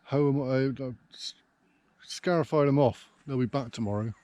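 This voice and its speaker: A man's voice: medium pitch, normal speed, dark tone, no room sound. A man working as a groundsman, giving dry, offhand vlog commentary while he mows, muttering to himself and swearing casually. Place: outdoors on a sports ground and in a tractor cab.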